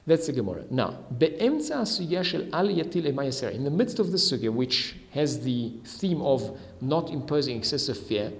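A man's voice: medium pitch, sing-song, normal speed, few pauses, big-room sound. A man teaching a Talmud lesson with Ashkenazi Hebrew pronunciation, reading each Aramaic line and then explaining it in English. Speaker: Torah teacher.

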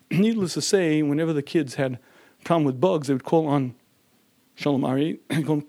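Male teacher with a somewhat higher voice, keeps clearing his throat, lively storytelling lecture. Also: moderate pace. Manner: frequent throat-clearing, acts out quoted voices. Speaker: marriage teacher. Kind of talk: lecture on marriage.

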